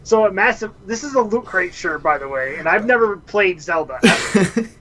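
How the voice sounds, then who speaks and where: A man's voice: high voice, normal speed, low-quality recording. A man co-hosting a casual podcast, telling stories. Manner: animated storyteller, laughs often. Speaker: podcast co-host. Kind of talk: casual chat.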